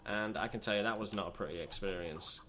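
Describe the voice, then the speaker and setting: Speaking fast in a fairly low, sharp-toned voice, this young British man commentates his own gameplay for his gaming channel. His let's play talk is chatty, rambling and self-deprecating, and a faint hiss or hum can be heard.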